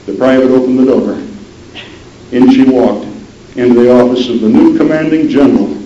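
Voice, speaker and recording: Man telling a history tale in a roomy room. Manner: measured, drops low and soft for emphasis. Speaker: storyteller. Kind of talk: dramatic historical storytelling. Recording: roomy, dull lo-fi sound with faint noise.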